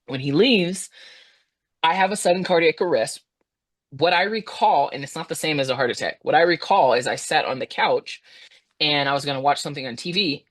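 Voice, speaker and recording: A woman in her thirties, a guest on a podcast, tells a personal story with animation. When she quotes what she herself once said, her pitch leaps up.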